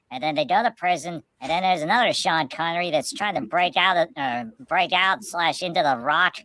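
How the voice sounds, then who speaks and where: Woman co-host, low-pitched, rambling casual storyteller with stumbles, dry recording. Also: animated, moderate pace, hardly any pauses, bright, forceful tone, no room sound. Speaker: podcast co-host. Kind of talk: casual chat.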